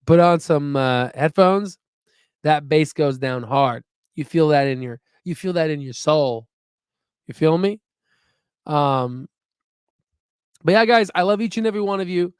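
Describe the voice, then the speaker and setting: A man's voice: on the high side, unhurried, long pauses, clear, resonant tone, no room sound, studio quality. A young man hosting a casual investing livestream, rambling and upbeat as he reads out viewer chat. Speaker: stock investing channel host.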